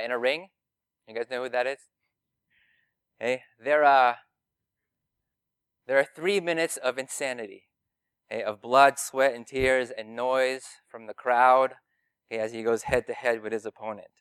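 A man's voice: medium pitch, a bit bright, clean tone, no room sound. A man preaching a conversational sermon, earnest and plain-spoken, talking directly to his listeners.

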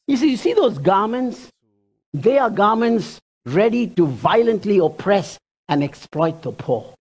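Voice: mid-range voice, a little slow, dull audio. A pastor preaching a sermon, talking straight to the congregation with questions and repeated points. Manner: animated preacher, addresses the congregation directly with questions.

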